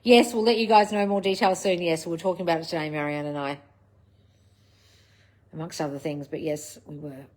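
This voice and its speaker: A woman's voice: low voice, fairly even intonation, brisk, pauses often, a little mellow. Blunt, swearing woman on a livestream. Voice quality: blunt, swears freely, scolding coach manner. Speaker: livestream host answering viewer comments. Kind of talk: casual live chat, reading out comments.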